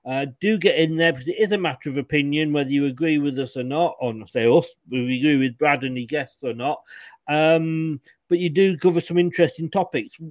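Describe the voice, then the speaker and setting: A man's voice: on the high side, fairly quick, no room sound. Jovial man, dry close sound. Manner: jovial, chuckling, rambling. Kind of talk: casual chat.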